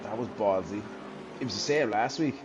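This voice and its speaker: A man's voice: fairly low pitch, normal speed, background noise. A man commentating a live sim race, thinking aloud with many restarts and trailing sentences.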